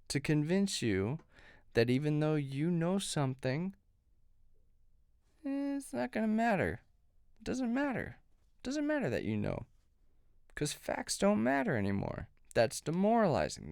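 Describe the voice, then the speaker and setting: A man's voice: mid-range voice, gravelly, a little mellow, clear, resonant tone, no echo, studio quality. A man giving sarcastic, indignant political commentary, mocking and cursing as he reacts to a clip.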